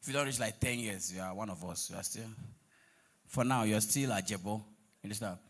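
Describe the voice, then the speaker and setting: On stage, a comedian with a Nigerian accent works the crowd, teasing the audience, slipping into pidgin and breaking into snatches of song. His voice sits fairly low and has a fairly bright tone, and he talks fast.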